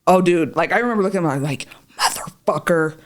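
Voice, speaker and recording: A woman's voice: fairly low pitch, fast. A woman telling a long story in casual chat, swearing freely and acting out what people said. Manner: profane, animated, acts out voices in quotes. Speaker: podcast guest, patient.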